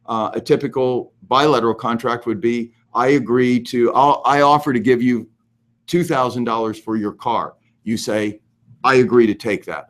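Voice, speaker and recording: Animated man hosting a live real estate Q&A. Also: mid-range voice. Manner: animated, emphatic, goes overboard. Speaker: host answering real estate questions. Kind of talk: live Q&A, casual advice.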